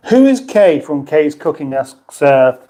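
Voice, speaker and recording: There's slight background noise as a middle-aged British livestream host talks in a fairly high, warm voice, very animated yet measured in pace. His casual chat rambles along with self-mockery and viewer comments read aloud.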